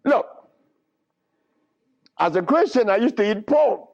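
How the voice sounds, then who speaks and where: A man gives a lecture to a crowd, his fairly high voice swooping up and down as he tells stories and chuckles between points. The old recording is dull and lo-fi. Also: takes it slowly, gravelly. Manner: animated storytelling with frequent chuckles. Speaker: lecturer on herbal healing. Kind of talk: lecture to a live audience.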